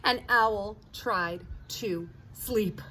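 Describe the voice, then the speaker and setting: A woman's voice: mid-range voice, drawn-out words, bright, forceful tone, poor audio. A woman reading a children's picture book aloud outdoors, chatting with young listeners between pages and acting out the animal sounds. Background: sirens and street noise.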